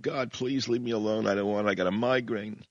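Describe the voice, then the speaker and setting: A man's voice: lowish voice, steady tone, fairly quick, no echo, lo-fi sound, lightly acted. A man voicing a whiny, self-pitying old male prophet who keeps complaining. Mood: whining. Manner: whining, complaining.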